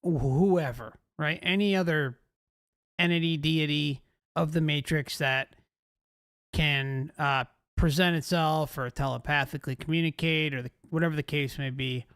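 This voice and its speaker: A man's voice: a little high, normal speed, a bit bright, clear, resonant tone, no echo, studio quality. A male host giving emphatic commentary, often asking rhetorical questions.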